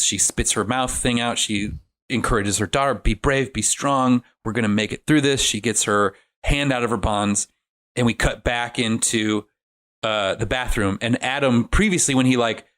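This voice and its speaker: A man casually recapping a horror film's plot on a podcast, animated and profane, acting out the characters' lines. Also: on the low side, moderate pace. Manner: animated, profane retelling with acted-out quotes. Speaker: podcast host. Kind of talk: casual comedic film recap.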